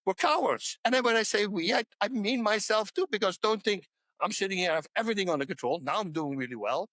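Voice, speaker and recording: Animated older man, fairly high voice. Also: fast, no room sound. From Netherlands. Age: 60s. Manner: animated, emphatic storytelling. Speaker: podcast guest. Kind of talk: casual chat.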